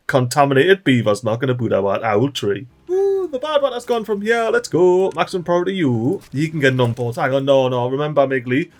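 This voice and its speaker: A man giving excitable, chatty let's play commentary and talking to the little characters in his game. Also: fairly high pitch. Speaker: gaming channel host.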